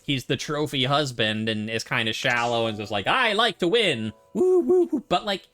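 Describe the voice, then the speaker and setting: A man's voice: mid-range voice, sharp tone. A man streaming a game and chatting casually over it, rambling and joking. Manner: rambling, jokey, full of restarts. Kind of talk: casual let's-play commentary.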